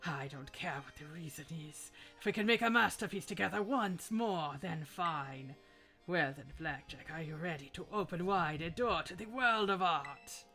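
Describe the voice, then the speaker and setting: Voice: medium pitch, expressive, drawn-out words, few pauses, sharp tone, soft background music, exaggerated voice. A player putting on a pompous sculptor gym leader. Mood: grandiose. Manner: pompous, theatrical, attempting a Spanish accent. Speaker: game character voiced by a let's-player. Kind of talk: reading game dialogue aloud.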